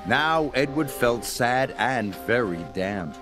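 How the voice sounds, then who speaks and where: A man reading a children's story aloud in an expressive storytelling voice, over music. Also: medium pitch, slow. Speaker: storybook narrator. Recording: music playing behind.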